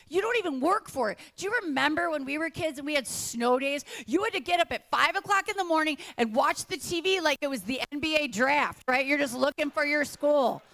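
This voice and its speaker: Gen x lady comic doing standup, high voice, acts out all the quotes. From United States. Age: middle-aged. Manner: animated storytelling with acted-out quotes. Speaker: stand-up comedian. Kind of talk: stand-up comedy at a banquet.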